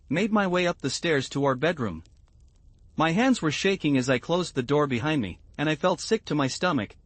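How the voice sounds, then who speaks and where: A man reading a scripted first-person story in an even, measured way. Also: a little high, no echo. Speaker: narrator.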